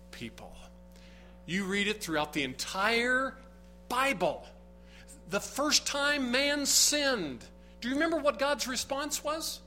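A man's voice: high voice, bright, forceful tone, rough recording. A man preaching a sermon, earnest and emphatic, often building to rising bursts of emphasis. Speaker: pastor.

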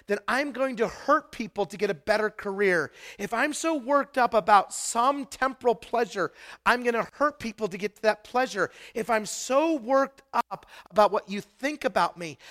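A man preaching a sermon as pastor, passionate and emphatic, swinging from loud declarations to soft, intimate storytelling. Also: high voice.

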